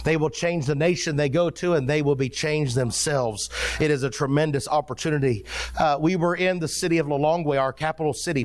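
A man preaching a sermon as a missionary, impassioned and climbing to high emphatic peaks.

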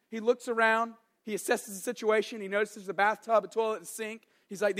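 High-voiced, animated young preacher. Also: male voice, a little fast, few pauses. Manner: animated, joking storyteller. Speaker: pastor. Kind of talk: sermon.

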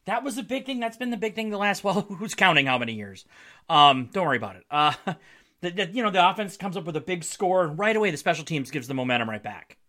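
A man's voice: high voice, very animated, fast talker, pushed and bright. A man hosting a casual solo sports podcast, talking in a wry, joking way and laughing often. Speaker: podcast host.

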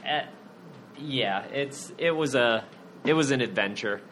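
A man's voice: medium pitch, unhurried, fairly bright tone, a little hiss or hum. A man co-hosting a casual podcast, blunt and opinionated, laughing often. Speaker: podcast co-host.

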